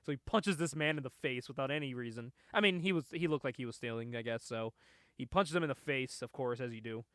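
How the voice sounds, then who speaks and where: A man's voice: mid-range voice, fast, fairly bright tone, no room sound, clean studio sound. A man hosting a casual comic book podcast, sarcastic and laughing often as he recaps. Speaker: podcast host.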